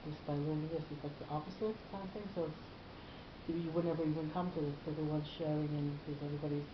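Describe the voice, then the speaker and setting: A woman's voice: low voice, fairly even intonation, fast talker, background noise. A woman student speaking up in a class discussion, thinking aloud and using "like" as filler. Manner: thoughtful, uses "like" as filler. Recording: dull echoey room recording.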